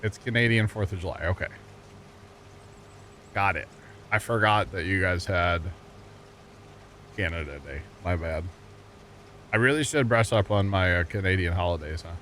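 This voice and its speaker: Low-voiced joking American streamer. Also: male voice, normal speed, pauses often, fairly bright tone, slight background noise. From United States. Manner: rambling, jokey, laughs often at his own puns. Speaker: livestreamer. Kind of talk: casual chat with viewers while gaming.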